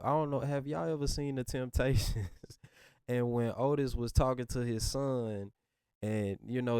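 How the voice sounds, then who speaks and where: A man giving relaxed, rambling reaction commentary on a rap album as the host of his channel. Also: medium pitch, unhurried, smooth, dry recording, clean studio sound. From Southern United States. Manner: laid-back, rambling, full of "you know what I'm saying".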